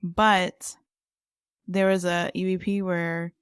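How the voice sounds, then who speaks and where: Low-voiced woman chatting on a podcast. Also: flat delivery, takes it slowly, smooth, dry recording, clean studio sound. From lived in San Antonio, Texas. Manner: chatty, laughs often, many fillers. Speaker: podcast co-host. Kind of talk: casual chat.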